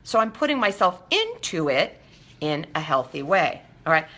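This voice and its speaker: A woman's voice: low voice, moderate pace. A woman hosting a talk show, speaking conversationally and acting out short everyday exchanges while checking in with her listeners. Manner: animated, acts out little dialogues in quotes. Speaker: host. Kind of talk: talk show monologue on recovery.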